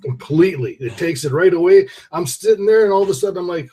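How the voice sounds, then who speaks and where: A man's voice: high voice, fast, mellow, slight background noise. A man chatting casually on a podcast, blunt and swearing freely. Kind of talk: casual chat.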